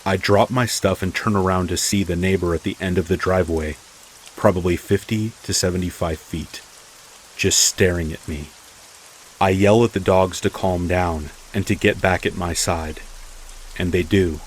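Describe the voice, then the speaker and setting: Deep-voiced man narrating horror. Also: steady tone, normal speed, a little hiss or hum, poor audio. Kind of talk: scripted first-person horror narration. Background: rain.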